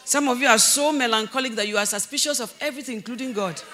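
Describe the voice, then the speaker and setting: A woman pastor preaching a sermon, animated and often laughing, shouting for emphasis and then dropping to low, earnest tones. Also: quick pace, faint music behind.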